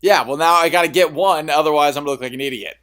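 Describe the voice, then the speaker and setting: Quick, teasing man. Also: on the high side, fairly bright tone. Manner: joking, needles his co-host with leading questions. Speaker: podcast co-host. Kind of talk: casual sports chat.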